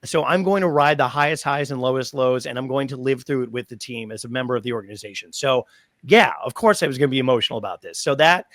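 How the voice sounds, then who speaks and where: A stadium announcer in his thirties, guesting on a podcast interview, tells long, animated stories studded with fillers. His medium-pitched voice moves at a quick pace, with no room sound.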